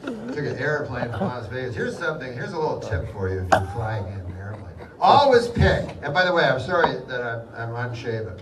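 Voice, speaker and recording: A middle-aged man doing live stand-up with a deadpan, rambling delivery and mumbled fillers, heard in a large hall with a live audience. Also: mid-range voice, a little fast, distant mic, very noisy. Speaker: stand-up comedian. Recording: roomy live hall, loud crowd laughter.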